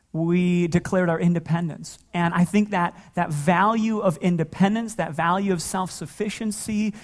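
A man in his thirties, a pastor, giving a sermon and telling family stories in a relaxed way, often breaking into laughter. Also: high-pitched. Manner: relaxed storytelling with frequent laughter.

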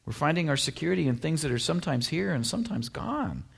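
A man preaching a casual, conversational sermon, full of fillers and lively asides. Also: fairly high pitch, fast talker, creaky, breathy edge. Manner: conversational, animated, many fillers like "you know" and "like". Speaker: pastor.

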